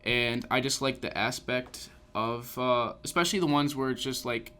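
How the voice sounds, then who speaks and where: A man's voice: mid-range voice, steady tone, normal speed, pushed and bright, clear, resonant tone. A man co-hosting a podcast, chatting casually about films in long, rambling sentences full of restarts. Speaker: podcast co-host. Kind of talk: casual chat.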